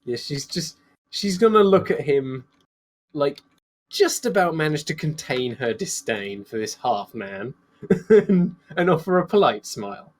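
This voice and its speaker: A man's voice: a little high, expressive, slow. A man playing a tabletop game, chatting casually and laughing easily. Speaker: player.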